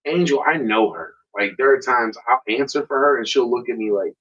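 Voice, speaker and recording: A husky-voiced man co-hosting a podcast, talking loosely and profanely. He tells his stories with animation. The recording sounds dull and lo-fi. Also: mid-range voice, expressive, a little fast, fairly bright tone. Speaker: podcast co-host. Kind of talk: casual chat.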